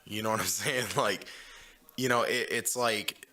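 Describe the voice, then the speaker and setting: A man's voice: lowish voice, fairly even intonation, measured pace, pushed and bright. A man hosting a casual podcast chat, rambling and swearing, peppering his talk with "you know what I'm saying.". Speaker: podcast host.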